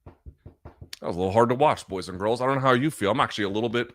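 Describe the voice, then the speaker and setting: A man hosting a live fight watchalong, going from loud excited outbursts to quiet, emotional reflection, with plenty of swearing. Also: medium pitch, quick pace. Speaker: host. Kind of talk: live fight reaction commentary.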